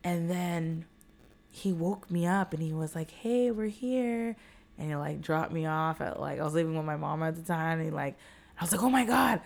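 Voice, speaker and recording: A woman's voice: low voice, flat delivery, a little fast, vocal fry, darkish tone. A young woman chatting casually on a podcast, candid and profane, telling a dating story with many fillers. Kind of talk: casual chat.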